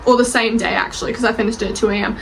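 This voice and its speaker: A young woman gushes about her favorite books in a rambling, casual vlog. Her voice sits slightly high, and she swears and laughs freely. A faint ambient hum sits under her voice. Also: steady tone, very fast, vocal fry, low-quality recording. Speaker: book reviewer and author. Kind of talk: casual bookish vlog chat.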